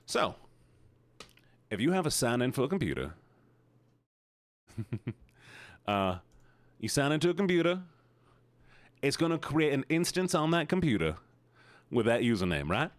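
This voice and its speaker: A man streaming live, chatting casually with his viewers and telling animated stories. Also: medium pitch, measured pace, pauses often, no room sound. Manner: animated storyteller, talks to chat.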